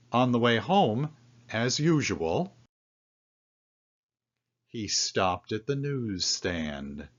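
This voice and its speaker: Slow, lively-voiced man reading a storybook. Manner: slow, expressive storytelling with lively pitch swings. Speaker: storybook reader. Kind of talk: children's story read-aloud. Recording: dull lo-fi recording.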